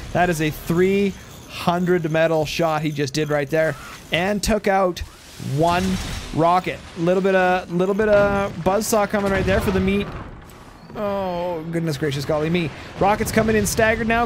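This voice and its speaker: A man's voice: sits high, noisy background. A man giving casual, jokey play-by-play commentary on a strategy game match, his voice starting to tire. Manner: jokey, excitable, voice going tired.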